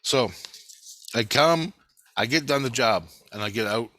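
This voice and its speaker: A man's voice: mid-range voice, lively intonation, a little slow, sharp tone, no echo. A man casually retelling a dream to his viewers, rambling and repeating himself, swearing freely. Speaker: video blogger.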